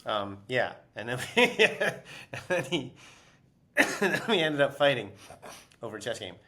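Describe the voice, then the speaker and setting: A man's voice: mid-range voice, very animated, a little slow, sharp tone. A man being interviewed as an author, telling stories casually with many fillers and restarts.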